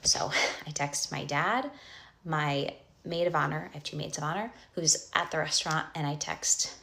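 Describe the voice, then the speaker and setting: A young woman with a deep voice rambles through a casual storytime, piling on fillers and restarts. Her voice carries a noticeable vocal fry, and she keeps slipping into hushed whispers for asides. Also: normal speed.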